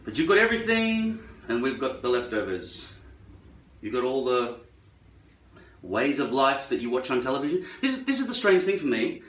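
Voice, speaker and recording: A man's voice: medium pitch, sing-song, normal speed, fairly bright tone. Rambling, profane Australian man. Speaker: vlogger. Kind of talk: rambling monologue. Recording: echoey room, far from mic.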